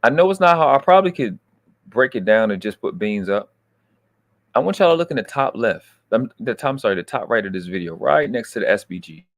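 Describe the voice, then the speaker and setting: A man hosting a livestream, ranting in a heated, profane way and swinging from low muttering to loud outbursts. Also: animated, brisk, no room sound. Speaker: livestream host.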